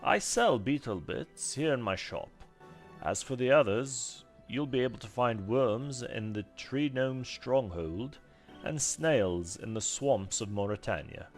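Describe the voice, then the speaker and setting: A man's voice: medium pitch, lively intonation, unhurried, faint music behind, close to an everyday voice. A man voicing a polite male shopkeeper in a put-on British accent, formal and helpful. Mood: courteous.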